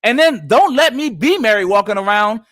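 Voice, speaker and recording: A man's voice: sits high, moderate pace, no echo, clean studio sound. A man co-hosting a faith-based podcast discussion, talking in an emphatic, preaching-like way. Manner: animated, emphatic preaching-like delivery. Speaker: podcast co-host.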